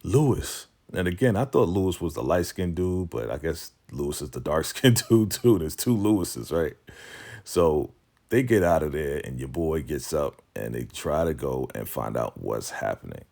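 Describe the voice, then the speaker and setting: A chatty man with a low, deep voice recaps a TV drama episode in a loose, conversational way. He fills his talk with asides and chuckles. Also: animated, moderate pace, vocal fry, a little mellow. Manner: chatty, laughs often, lots of fillers like "I mean" and "right?". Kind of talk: casual recap commentary.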